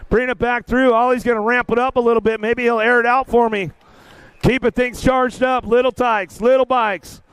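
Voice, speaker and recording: An older man calling a kids' bike race live, energetic and chatty, getting a bit emotional. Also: extremely high pitch, normal speed, clear, resonant tone, dry recording. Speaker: race announcer. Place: outdoor race track.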